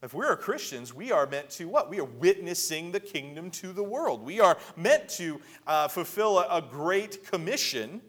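A man preaching a sermon in a conversational way, often repeating words and building to emphatic high peaks. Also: very animated, moderate pace, few pauses, fairly bright tone. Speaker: pastor.

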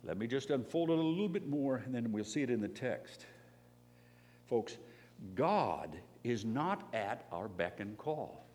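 A man preaching a sermon, animated, who swings into loud emphatic bursts when acting out pleas and reading scripture. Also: mid-range voice, measured pace. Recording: long hall reverb, faint hum.

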